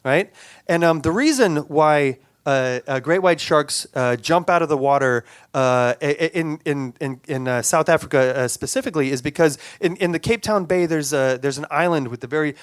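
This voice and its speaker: A man telling a story on stage, animated and stumbling, circling back over repeated words before pushing on. His voice sits fairly high for a man and leaps up and down as he acts out sounds and quotes. The sound is close and dry, with almost no room. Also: moderate pace, clean tone, no echo. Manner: acts out sounds and quotes with big pitch jumps. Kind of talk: live personal storytelling. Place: stage show.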